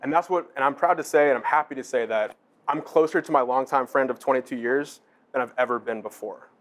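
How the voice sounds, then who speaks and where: A man's voice: mid-range voice, fairly quick. A man raising a toast to a couple, his longtime friend and partner. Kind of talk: wedding toast. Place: restaurant dinner.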